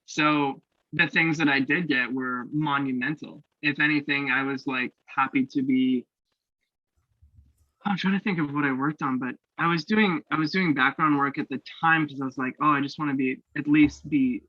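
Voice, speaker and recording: A young man from Canada, a guest actor telling stories in a casual interview, animated and laughing, acting out the voices he quotes. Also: fairly high pitch, moderate pace, no room sound. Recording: dull lo-fi dry sound.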